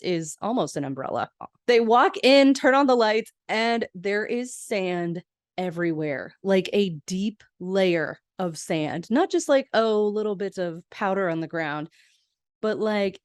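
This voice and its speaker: A woman podcast host, casually recapping a TV episode and bouncing into a higher voice to quote lines. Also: dry recording, clean studio sound. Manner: chatty, laughs often, quotes lines in a higher voice.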